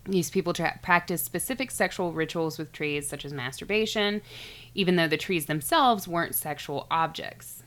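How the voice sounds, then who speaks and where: A woman's voice: on the low side, normal speed, fairly bright tone. A woman co-hosting a casual podcast, chatting and explaining things she read with lots of hedges and laughs. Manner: chatty, hedging, laughs often while explaining research. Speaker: podcast co-host.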